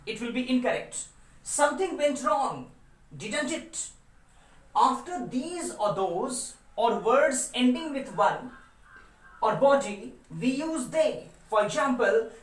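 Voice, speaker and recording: A woman gives a deliberate classroom grammar lesson, repeatedly urging her listeners to understand. Her voice sits a little high. It rings in a roomy space and comes from some distance off the mic. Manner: deliberate, repeats "try to understand" while explaining. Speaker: English teacher. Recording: roomy echo, voice from far off the mic.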